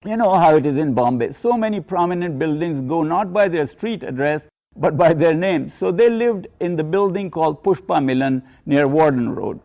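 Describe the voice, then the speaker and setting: An older man tells a personal story in a measured, unhurried way. His voice is gravelly and mellow, sitting a little high for a man. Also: expressive. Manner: measured storytelling with quoted Hindi asides. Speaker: narrator of a personal tribute. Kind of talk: reminiscing narration.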